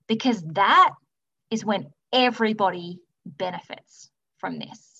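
A woman's voice: medium pitch, measured pace, bright, forceful tone, dull audio. A woman hosting a spiritual self-help podcast, talking earnestly and emphatically in long runs of repeated phrases. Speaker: podcast host.

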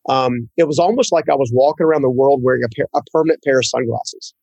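A man who is a guest in an interview, telling a personal story in an earnest, halting way and often repeating words. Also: mid-range voice, gravelly, a little mellow, slightly rough, no echo, poor audio.

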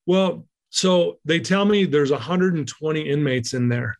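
A man telling a personal story in a conversation, lively and acting out the lines of people he quotes. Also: fairly high pitch, unhurried. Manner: animated, acts out quoted lines. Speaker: guest speaker.

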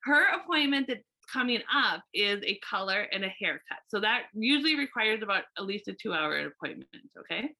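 A woman hairstylist telling a story in casual chat, animated and full of "like" and restarts. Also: mid-range voice, a little fast, gravelly, hardly any pauses.

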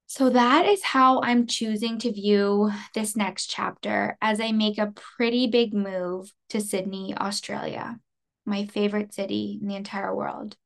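A woman in her twenties from Canada, hosting a podcast in an earnest, emotional monologue, laughing softly between phrases. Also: medium pitch, steady tone, measured pace, creaky. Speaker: podcast host. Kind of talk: personal reflective monologue.

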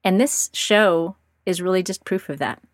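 A woman hosting a podcast speaks with earnest, heartfelt encouragement. Her voice sits a little low, and it is recorded close and dry with no room around it. She sounds like she is in her thirties. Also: moderate pace, no room sound. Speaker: podcast host. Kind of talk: warm scripted intro and casual podcast chat.

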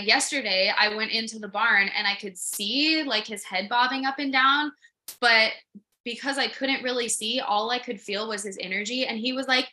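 A young woman co-hosting a podcast, telling a story in casual chat, animated and full of "like" and quoted asides. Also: a little high. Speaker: podcast co-host. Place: her home.

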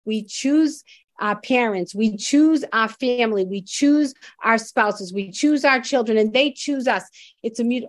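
A woman's voice: on the high side, a little slow, no room sound. A woman guest telling her story in a candid, emphatic, blunt way, often restarting her sentences.

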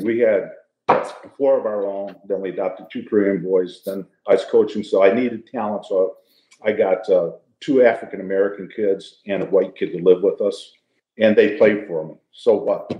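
A man's voice: lowish voice, normal speed, echoey room, highs cut off. An older man telling funny stories from his playing days in a casual, laughing way. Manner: jokey, laughing storyteller. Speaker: guest, retired football player. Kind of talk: casual storytelling.

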